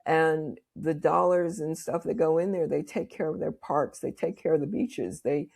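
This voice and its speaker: Low gravelly woman in her sixties. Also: moderate pace. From Boston, USA. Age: 60s. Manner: lively storyteller who acts out dialogue. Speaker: minister. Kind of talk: interview guest storytelling.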